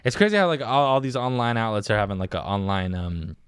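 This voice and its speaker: A man's voice: fairly low pitch, fast, smooth, no room sound. A young man hosting a casual solo podcast, rambling, laughing often and calling his listeners "dude". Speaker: podcast host. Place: small windowless indoor room.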